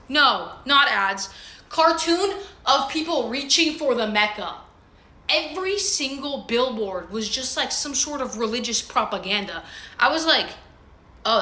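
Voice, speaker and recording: A young woman with a slightly high voice tells a story straight to camera. Her talk is loose and slangy, full of swearing, and she acts out what other people said. The sound carries a noticeable roomy echo. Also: pushed and bright. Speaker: vlogger.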